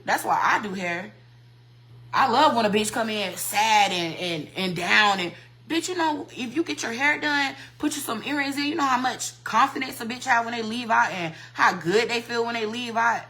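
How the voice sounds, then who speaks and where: A woman's voice: on the high side, normal speed, bright, forceful tone, poor audio. A woman hairstylist on a livestream, ranting heatedly and profanely and repeating herself. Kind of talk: livestream rant.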